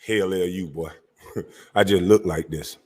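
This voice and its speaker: A man's voice: sits low, fairly even intonation, unhurried, darkish tone, slightly rough, long reverb tail. A man hosting his own online show, ranting at a rival in a confrontational, taunting way. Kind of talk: heated livestream rant.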